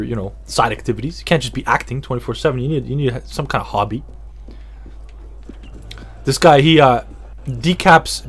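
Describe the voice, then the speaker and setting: Rambling, profane young-sounding man. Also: a little high. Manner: rambling, profane and jokey, repeats himself. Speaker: podcast host. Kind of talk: casual comedic podcast chat.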